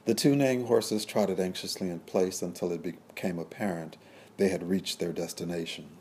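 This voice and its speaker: A man narrating a period story in a measured, descriptive storytelling manner. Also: sits low, a little mellow, slight background noise. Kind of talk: scripted audiobook narration.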